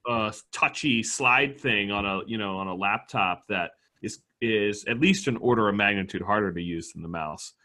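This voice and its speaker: A male podcast co-host talking in a relaxed, conversational way, full of wry anecdotes. His voice sits fairly low but has a bright, forward edge. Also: moderate pace, hardly any pauses. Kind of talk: casual conversational chat.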